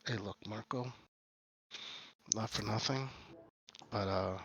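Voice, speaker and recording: A man's voice: on the low side, slow, vocal fry, fairly bright tone, slightly rough, no room sound, full character voice, poor audio. A man voicing a persuasive adult male smuggler in a tabletop game, casual and wheedling.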